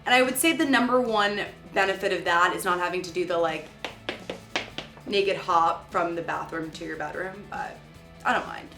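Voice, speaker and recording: Chatting from her apartment, a cheerful woman in her twenties from New York hosts and produces a home tour vlog. She has a lowish voice with vocal fry and a moderate pace. Faint background music plays in the echoey room.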